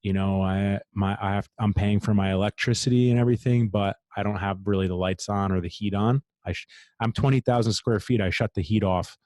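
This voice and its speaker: A man's voice: fairly low pitch, fairly even intonation, fairly quick, darkish tone, no echo. A man who owns a gym, talking in a casual podcast interview in a blunt, driven way and swearing freely. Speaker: gym owner, guest.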